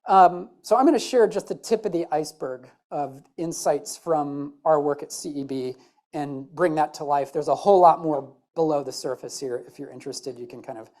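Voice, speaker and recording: A woman's voice: very deep voice, dark tone. A woman from the American Midwest with a Midwestern accent, giving a chatty, joking conference talk on stage. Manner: chatty, joking and self-deprecating. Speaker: conference speaker.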